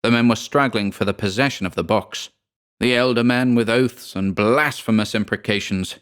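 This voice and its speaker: A deep-voiced man reads a supernatural tale aloud. His delivery is measured and deliberate, in the manner of scripted audiobook narration. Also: fairly bright tone, clean tone. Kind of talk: scripted narration of a ghost story.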